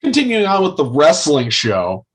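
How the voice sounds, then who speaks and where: A man from Michigan co-hosts a casual podcast, trading dry wisecracks in a slightly high voice with huge swings in pitch. He talks at a moderate pace with a breathy edge, and the recording quality is low.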